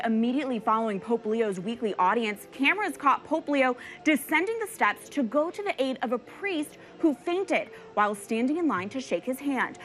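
A woman anchoring a news program, reading scripted reports in a clear, measured delivery. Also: fairly high pitch, fairly bright tone, poor audio.

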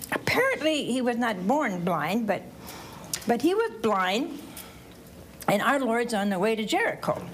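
A woman's voice: medium pitch, slight background noise. A woman preaching a sermon, retelling a Bible story in a chatty way and putting questions straight to her listeners. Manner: animated, chatty, quizzes the audience directly.

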